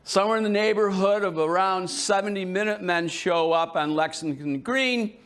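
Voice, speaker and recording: A man's voice: sits high, normal speed, smooth. A man giving a history talk to a live audience in a museum, joking and quizzing the listeners as he goes. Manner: jokey and animated, quizzing the audience. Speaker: history presenter. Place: indoor museum hall with an audience.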